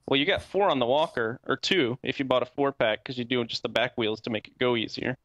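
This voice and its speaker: A man's voice: mid-range voice, brisk, a bit bright, no room sound, muffled recording. A man co-hosting a casual podcast, explaining things with dry jokes. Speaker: podcast co-host. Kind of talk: casual chat.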